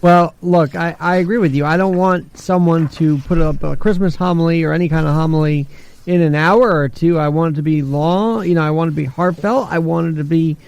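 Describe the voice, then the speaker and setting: High gravelly-voiced man chatting. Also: brisk, darkish tone. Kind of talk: casual chat.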